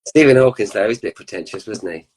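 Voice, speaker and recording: A man's voice: fairly low pitch, expressive, fast, a little mellow, rough recording. A man, a musician guest on a casual chat show, teasing wryly and slipping into funny voices. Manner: wry, teasing, does funny voices in asides.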